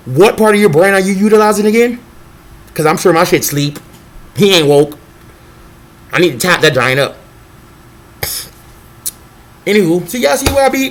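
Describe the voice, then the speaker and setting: A young man rambling in a casual vlog monologue, excitable and profane, jumping between thoughts and acting out quotes. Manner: scattered, excitable, profane, acts out quotes in a high voice. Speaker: vlogger.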